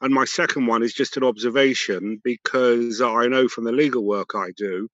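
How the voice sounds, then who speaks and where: A man offers a point to an online group in a thoughtful but hesitant way, with many fillers between his words. His voice is mid-pitched and comes through a muffled, dry video call connection. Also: fairly even intonation, moderate pace, fairly bright tone, dry recording. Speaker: participant. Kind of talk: discussion comment.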